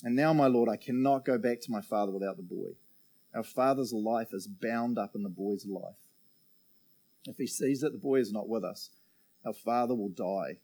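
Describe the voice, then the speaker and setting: A man preaching a sermon, reading scripture aloud and explaining it in animated storytelling with frequent "right?" asides. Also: mid-range voice.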